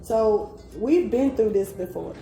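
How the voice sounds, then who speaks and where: A woman's voice: medium pitch, animated, takes it slowly, dark tone. Chatty, swearing woman reading tarot. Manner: chatty, blunt, swears freely, laughs often; meandering, trails off with fillers. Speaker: tarot reader. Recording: echoey room with faint music.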